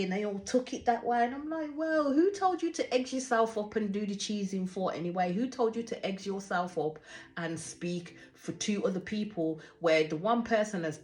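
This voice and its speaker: A woman's voice: mid-range voice, a little mellow. A woman hosting a casual reaction review of a TV show. She talks animatedly, swears freely, and often trails off and starts her sentences again. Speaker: reality TV reaction host.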